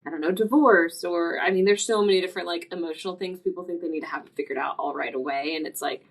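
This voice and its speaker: A woman financial planner, a podcast guest, speaking in a relaxed, conversational way with many fillers. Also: fairly low pitch, fast, creaky. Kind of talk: casual interview conversation.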